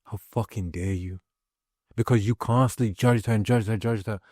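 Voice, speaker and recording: A man vlogging in a heated personal monologue, ranting forcefully and swearing a lot. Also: on the low side, fairly even intonation, normal speed, no echo, studio quality.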